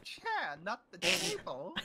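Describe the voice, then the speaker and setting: A woman's voice: medium pitch, huge pitch swings, slow pace, heavy background noise. A woman in a role-play acting as a police academy instructor, giving the group orders in a teacherly way. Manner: bossy, teacherly, addresses the group.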